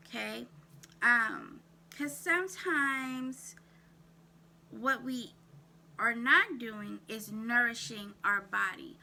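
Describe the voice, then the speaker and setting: Slow-talking bright-voiced woman coaching viewers. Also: a little high, a little hiss or hum. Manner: asks viewers rapid questions, repeats "write that down". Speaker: self-care vlogger. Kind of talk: direct-to-camera coaching talk.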